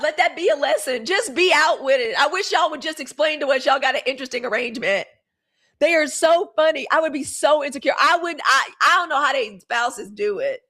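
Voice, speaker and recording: Animated high-voiced woman, chatty host. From Mississippi, USA. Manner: animated, gossipy, cursing freely. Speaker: live show host. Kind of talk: casual live-stream chat.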